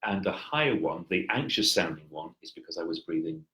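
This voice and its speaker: A man with a fairly low voice, talking over a headset on a video call. He coaches with calm explanations and slips in dry, wry jokes. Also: a little fast, poor audio. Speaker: presentation coach. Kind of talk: coaching feedback chat.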